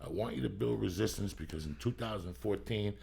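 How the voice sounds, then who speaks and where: A man's voice: lowish voice, fairly quick, vocal fry, warm tone, slightly rough. A middle-aged man hosting a casual podcast while stoned, rambling through profane, loose stories. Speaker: podcast host.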